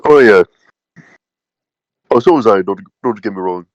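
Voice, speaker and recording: Man putting on a booming Jamaican-accented alter, low-voiced, half-joking banter, dull dry lo-fi audio. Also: animated, unhurried, no echo. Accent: Jamaican, put on.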